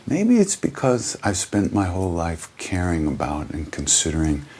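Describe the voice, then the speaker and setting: A man voicing a gentle, humble old male monk who answers softly and modestly. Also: low voice, huge pitch swings, normal speed, slight background noise. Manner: soft, modest.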